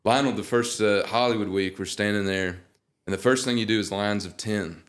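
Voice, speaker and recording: Young guy with a low voice, telling funny stories, laid-back chat. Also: normal speed. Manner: animated, joking storyteller. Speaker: guest singer. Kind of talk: casual interview chat.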